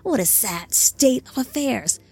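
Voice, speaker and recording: A woman voicing a rasping, sneering monster. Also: a little high, lively intonation, darkish tone, faint music behind, pitched above the performer's own voice, full character voice. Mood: mocking. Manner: slow, sneering taunts. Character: scorched monstrous fallen male creature, mocking.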